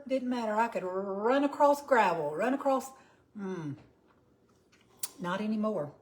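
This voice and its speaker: A woman in her fifties with a Southern US accent, chatting casually with viewers on her cooking livestream and greeting them by name. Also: medium pitch. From Georgia, US. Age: 50s. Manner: chatty, reads out viewer comments.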